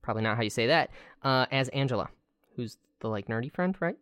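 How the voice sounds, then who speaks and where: A woman with an extremely low, deep voice chatting casually on a podcast. She jokes crudely and throws in quick asides. The sound is dry and close, with no room around it. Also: animated, clean tone, dry recording. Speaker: podcast co-host. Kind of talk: casual chat.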